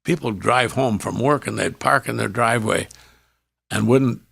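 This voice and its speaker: An older man, a former radio host telling career stories as a podcast guest, animated and acting out the people he quotes. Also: medium pitch, normal speed, vocal fry, slightly rough, no room sound. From Canada. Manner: animated storyteller who acts out quoted dialogue. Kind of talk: storytelling in a podcast interview.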